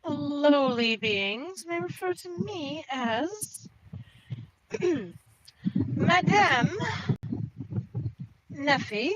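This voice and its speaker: A woman's voice: sits high, lively intonation, drawn-out words, long pauses, background noise, heavily acted. A woman voicing a haughty, self-important female adventurer who talks down to everyone. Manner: imperious, looks down on others.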